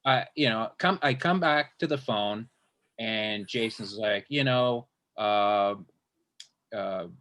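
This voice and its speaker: A man's voice: fairly low pitch, takes it slowly, pushed and bright. A man hosting an interview, telling a long casual story as a stand-up comedian, rambling with many restarts and swearing freely.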